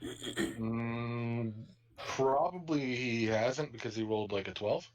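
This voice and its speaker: A man running a tabletop game as dungeon master, narrating in a relaxed, casual way. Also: mid-range voice, slow, rough recording.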